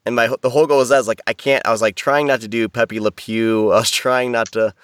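A man's voice: medium pitch, steady tone, quick pace, no echo, clean studio sound. A man talking casually as a podcast guest, rambling with many restarts and fillers over a video call. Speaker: audiobook narrator, podcast guest.

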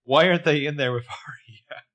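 A man's voice: a little high, normal speed, a bit bright. A man co-hosting a podcast, giving dry, sarcastic commentary in casual chat. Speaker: podcast co-host.

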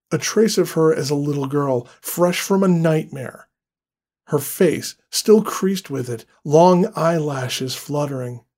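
A man narrating a dark horror story in a measured, deliberate way. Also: on the high side.

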